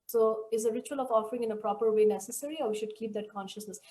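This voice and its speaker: Animated woman hosting a scripture study. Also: on the high side, very fast. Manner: animated storyteller. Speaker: study group host. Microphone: video call. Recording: roomy echo.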